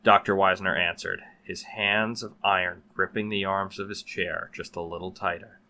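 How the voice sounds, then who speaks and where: A man narrating a horror story in a steady, measured way. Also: sits low.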